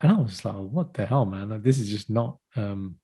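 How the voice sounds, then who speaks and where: Guy, lowish voice, chatty podcast storyteller, keeps saying man. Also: moderate pace, crowd noise. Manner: chatty, enthusiastic storyteller, says "man" a lot. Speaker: podcast co-host. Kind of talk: casual chat.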